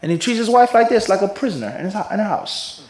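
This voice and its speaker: A man with a fairly high voice gives an Islamic lecture, pausing to ask his listeners rhetorical questions. He slips into sarcastic mimicry of the people he criticizes. The room around him rings with echo. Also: expressive, darkish tone. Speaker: mufti teaching hadith. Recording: echoey room.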